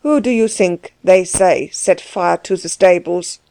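A woman voicing a gruff, overbearing middle-aged man who questions people curtly and pushily in a storybook reading. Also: fairly low pitch, unhurried, dark tone, dry recording. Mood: menacing. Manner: curt, pushy questioning.

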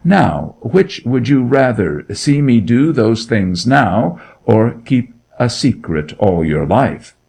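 A man's voice: medium pitch, sing-song, slow pace, vocal fry, hardly any pauses, darkish tone, breathy edge, voice pushed up, full character voice. A man reading a story aloud, voicing a grim and menacing duke who interrogates with cold authority. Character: grim, menacing nobleman, a middle-aged duke.

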